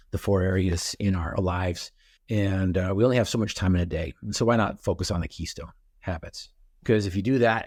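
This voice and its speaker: A man's voice: fairly low pitch, breathy edge, no room sound, studio quality. A middle-aged man, a guest speaker on a podcast, telling stories with energy and acting out his own reactions. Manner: animated storyteller, acts out his own reactions. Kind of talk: storytelling in a podcast interview.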